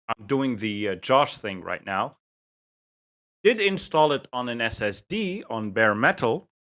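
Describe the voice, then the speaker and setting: A man co-hosting a tech podcast, talking in a halting way with many pauses and fillers. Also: mid-range voice, a bit bright. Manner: halting, hesitant, lots of fillers. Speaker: podcast co-host. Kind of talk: casual podcast chat.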